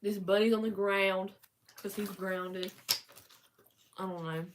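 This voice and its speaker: A woman's voice: medium pitch, steady tone, slow, background noise. A woman chatting casually on a live stream, easygoing and joking.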